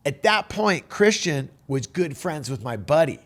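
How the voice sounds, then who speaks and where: A man with a slightly raised pitch spins a personal anecdote in an easygoing, animated way. His talk is loose and full of laid-back slang and fillers. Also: a little slow. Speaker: storyteller. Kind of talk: casual anecdote storytelling.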